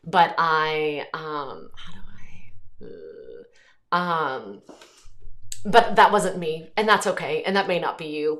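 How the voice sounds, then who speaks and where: A woman's voice: deep voice, fairly bright tone. A woman in her thirties hosting a livestream, reading viewer comments aloud and chatting about them in a rambling way, with frequent ums and self-corrections. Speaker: host.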